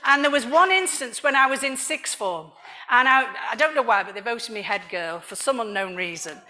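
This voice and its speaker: A middle-aged woman from Liverpool, giving an animated sermon with personal testimony and frequent laughs. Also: fairly high pitch, moderate pace. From Liverpool, England. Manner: animated storytelling, laughs often. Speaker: church speaker.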